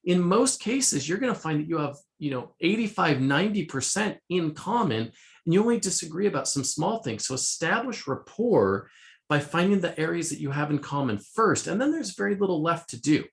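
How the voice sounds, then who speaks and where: A man's voice: a little high, sing-song, moderate pace, creaky. A middle-aged man presenting a conversational lesson summarizing a self-help book, quoting passages and restarting phrases as he talks. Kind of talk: casual spoken lesson.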